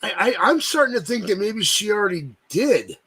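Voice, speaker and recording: A man with a fairly high, husky voice co-hosts a casual wrestling podcast. He rolls out grand, over-the-top introductions and teases his friends. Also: sing-song, normal speed, sharp tone. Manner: grandiose mock introductions, teasing. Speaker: podcast co-host.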